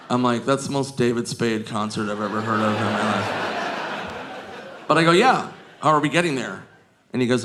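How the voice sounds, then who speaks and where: A man telling stories on a comedy stage, animated, acting out the people in his stories and laughing at his own jokes. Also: medium pitch, brisk, pauses often. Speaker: stand-up comedian. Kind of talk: stand-up storytelling. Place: comedy stage before a live audience. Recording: live crowd laughter and noise.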